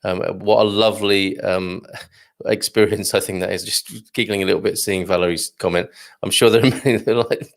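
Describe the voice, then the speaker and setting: A middle-aged man with a gravelly, fry-touched voice hosts a casual live morning show. He reads out viewer comments in a chatty, joking way and chuckles as he goes. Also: low-pitched, steady tone, moderate pace. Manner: chatty and jokey, tells corny dad jokes, chuckles often. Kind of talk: casual live-stream chat.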